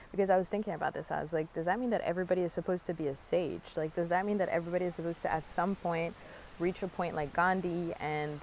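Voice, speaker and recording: A woman's voice: on the low side, slight background noise. A young woman musing earnestly outdoors in a park, talking casually about spiritual growth with many fillers. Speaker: spiritual vlogger. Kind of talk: casual reflective monologue.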